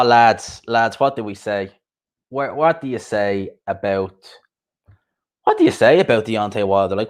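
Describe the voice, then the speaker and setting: A man with a fairly low voice hosts a casual live stream about boxing. He rants bluntly, swears freely and keeps asking rhetorical questions. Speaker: boxing podcast host.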